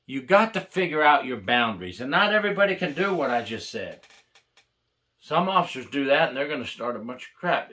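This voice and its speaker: A man's voice: medium pitch, lively intonation, moderate pace, a bit bright. An older retired corrections officer, a man, telling blunt, wry stories about prison life in a casual, plainspoken way. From United States. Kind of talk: casual storytelling to camera.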